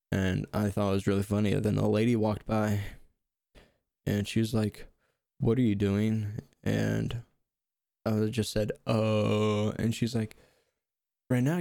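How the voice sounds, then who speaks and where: A man's voice: fairly low pitch, gravelly, warm tone, no echo, clean studio sound. A young man telling rambling, self-mocking comic stories in casual talk, laughing at his own jokes. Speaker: storyteller. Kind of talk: casual comedic storytelling.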